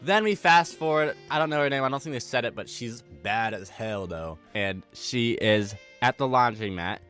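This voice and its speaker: A man's voice: mid-range voice, expressive, moderate pace, a bit bright, faint music behind. A man giving a casual, rambling recap of a TV horror episode, full of slang, swearing and fillers. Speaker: video commentator.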